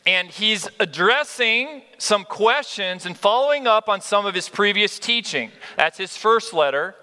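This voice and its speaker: A male pastor preaching with earnest, animated energy, his voice high and bright. He stumbles and restarts as he presses his point, and long reverb from the hall trails after him. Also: measured pace, clear, resonant tone. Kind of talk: sermon.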